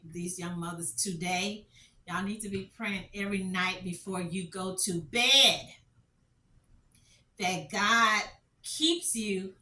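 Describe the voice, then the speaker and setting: A woman's voice: mid-range voice, pushed and bright, reverberant, recorded from a distance, a little hiss or hum. A middle-aged woman telling stories as a commentary vlogger, passionate and repetitive, full of rhetorical questions. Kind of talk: emotional storytelling commentary.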